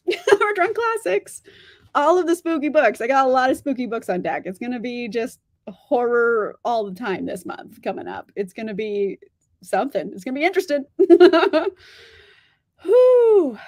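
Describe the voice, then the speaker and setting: A woman's voice: a little high, expressive, moderate pace, a little mellow, no echo, clean studio sound. A young woman chatting casually on a live stream about books, laughing often and speaking bluntly. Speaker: book streamer answering chat.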